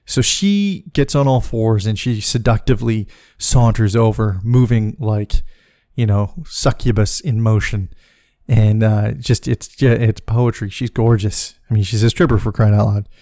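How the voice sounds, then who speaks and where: Profane, animated man telling a story. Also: on the low side, a little slow, no echo, clean studio sound. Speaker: podcast host. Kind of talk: comic personal storytelling.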